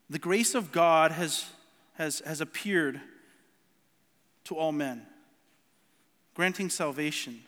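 A man delivers a sermon in an earnest, personal storytelling manner, often restarting and repeating words as he goes. His voice sits high and sounds bright and forceful. Long reverb from a large hall trails every phrase. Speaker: preacher.

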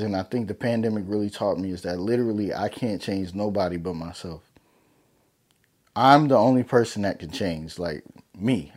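Mellow-voiced man giving heartfelt advice. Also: on the low side. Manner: loose, heartfelt, slangy, many fillers like "man". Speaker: vlogger. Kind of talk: casual motivational talk to camera.

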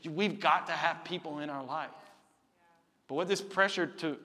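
Male pastor, sermon delivery; raised, forceful tone with loud exhortations dropping to hushed asides, church hall echo. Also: a little high, fairly even intonation, normal speed. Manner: impassioned preaching that swings from loud exhortation to quiet, intimate asides. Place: church sanctuary. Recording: long reverb of a church hall.

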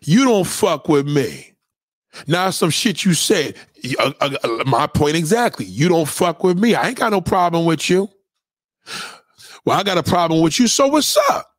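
A man's voice: a little high, lively intonation, moderate pace, dry recording, clean studio sound. A man delivering a heated, profane, confrontational rant straight to his audience, with repeated callouts.

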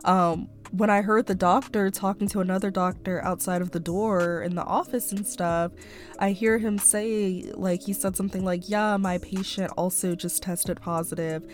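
A woman's voice: medium pitch, steady tone, moderate pace, faint music behind. A young woman hosting her own podcast, rambling casually with lots of fillers while still a bit stuffy-nosed from a cold. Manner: rambling, chatty, many fillers like "um" and "like". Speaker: podcast host. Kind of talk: casual personal podcast monologue.

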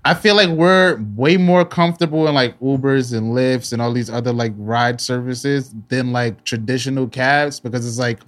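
A man's voice: medium pitch, normal speed, hardly any pauses. A male podcast co-host in casual chat, telling stories and acting out quotes. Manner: animated storytelling, acts out quotes.

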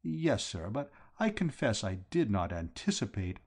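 A man voicing a grave, deferential middle-aged valet who answers formally and softly. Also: lowish voice, very animated, measured pace, heavily acted. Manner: formal, quiet, understated replies.

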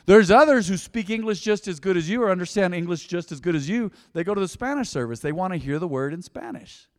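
A man preaching a sermon in a church, conversational and joking, with big swings between quiet asides and loud emphasis. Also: animated, fast talker, dry recording, studio quality, long reverb tail. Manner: conversational, joking, dynamic swings in pitch and loudness. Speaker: pastor.

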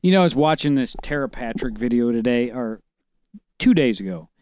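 A man's voice: medium pitch, lively intonation, brisk, a little mellow, clear, resonant tone, no echo. A man co-hosting a podcast in casual chat, crude and wisecracking with lots of profanity. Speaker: podcast co-host.

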